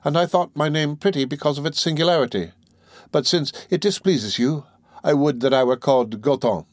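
A man's voice: a little high, fairly quick, no echo, clean studio sound, pitched above the performer's own voice, natural voice. A man reading aloud, voicing an innocent, adoring young gypsy girl in a raised, tender voice for an audiobook. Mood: hurt.

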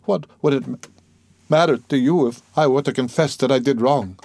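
A man's voice: moderate pace, creaky, a little mellow, no echo. A man voicing a weary, tormented young man. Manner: low, weary, muttering, reflective. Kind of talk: audiobook character voice.

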